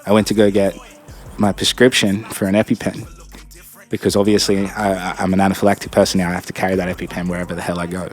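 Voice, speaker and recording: Young man, lowish voice, swearing casually through a story, faint music underneath. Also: monotone, fast talker. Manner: blunt and profane, acts out other people's lines. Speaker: storyteller vlogger.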